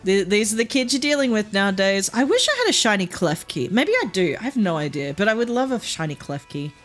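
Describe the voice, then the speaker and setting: A woman's voice: medium pitch, sing-song, fairly quick. A young Australian woman chatting casually as a streamer while gaming, rambling, swearing freely and laughing often. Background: faint game music.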